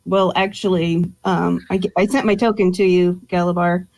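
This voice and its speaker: Woman player in a tabletop game, meandering, self-correcting, somewhat low voice. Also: steady tone, normal speed, darkish tone, low-quality recording. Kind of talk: describing her character in a tabletop game. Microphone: online voice call.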